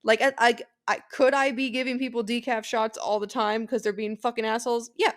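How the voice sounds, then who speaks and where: A young woman co-hosting a podcast, telling stories in a lively, profane, casual way. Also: a little high, fairly quick. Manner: profane, animated storytelling. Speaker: podcast co-host. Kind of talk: casual chat.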